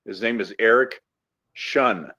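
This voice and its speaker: A man co-hosting a livestream, telling stories in a relaxed, casual way. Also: lowish voice, slow pace. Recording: muffled lo-fi audio.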